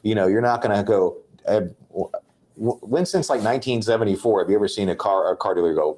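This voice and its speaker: A man's voice: lowish voice, fast talker, warm tone. A man co-hosting a sales talk show, talking bluntly and making his points like a lecture. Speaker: podcast co-host.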